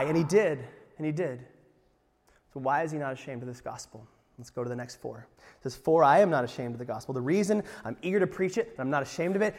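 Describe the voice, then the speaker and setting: A man preaching a sermon as pastor, animated, jumping from loud emphasis to quiet asides with jokes along the way. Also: high-pitched. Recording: long reverb of a large hall.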